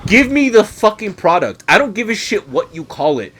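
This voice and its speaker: A man's voice: sits high, sing-song, moderate pace, noisy background. A young man co-hosting a podcast, ranting in casual crude banter and mocking people with put-on quotes. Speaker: podcast co-host.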